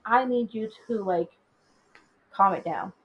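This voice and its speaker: A woman's voice: mid-range voice, measured pace, breathy edge, dull audio. A young woman co-hosting a casual chat podcast, rambling through a personal story with lots of filler words. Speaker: podcast co-host.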